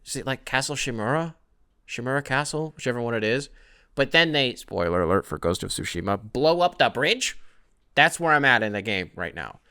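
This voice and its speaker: A man's voice: medium pitch, big pitch swings, a little fast, bright, forceful tone, smooth. A young man hosting his own podcast alone, rambling casually with plenty of swearing and self-deprecating asides. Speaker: podcast host. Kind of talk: solo casual podcast rant.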